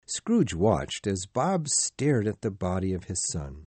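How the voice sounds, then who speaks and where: A man narrating a storybook in a slow, measured, expressive way. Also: low-pitched, husky, no echo. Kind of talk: storybook reading.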